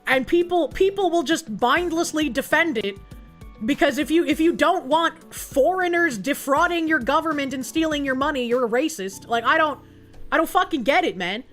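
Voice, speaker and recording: A woman's voice: high-pitched, normal speed, fairly bright tone, soft background music. A young woman streamer ranting angrily and profanely in casual livestream commentary, tired and worked up.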